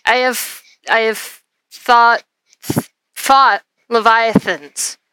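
A woman doing a scarred fish-folk warrior woman with a slow, steady delivery and a faint lisp. The voice sits a little high and bright, in a dry, close room. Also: smooth, no room sound, full character voice, low-quality recording.

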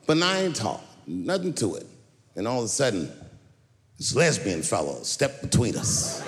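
A man performing a stand-up comedy routine, telling stories with loud acted-out voices at a large live venue. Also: mid-range voice, sing-song, moderate pace. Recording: roomy hall with audience noise.

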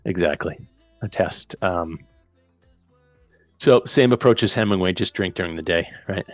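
Deep-voiced man animatedly retelling a film. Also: unhurried, dry recording, soft background music. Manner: animated retelling with quoted dialogue. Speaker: podcast co-host. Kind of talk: casual chat recapping a film.

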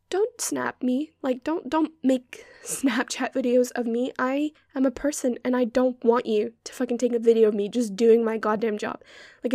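A woman's voice: fairly high pitch, mellow, no room sound, clean studio sound. A young woman hosting a podcast, ranting in an exasperated, sarcastic and sweary way. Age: young adult. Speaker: podcast host. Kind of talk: ranting monologue.

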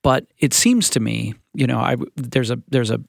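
A man co-hosting a casual podcast, speaking in an animated, teaching way. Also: mid-range voice, moderate pace, creaky, no echo, clean studio sound. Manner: animated, laughs often, teaching tone. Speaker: podcast co-host.

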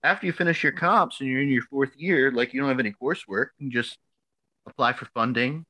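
A man imitating a blunt British academic advisor who lectures slowly and emphatically and swears. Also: medium pitch, pushed and bright, dry recording, voice pushed up, poor audio. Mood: persuasive.

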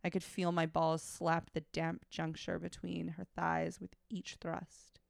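Low, gravelly woman reading aloud. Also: monotone, measured pace, dry recording, studio quality. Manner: breaks off from reading to make frank, wry asides. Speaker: podcast co-host. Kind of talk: reading fiction aloud with commentary.

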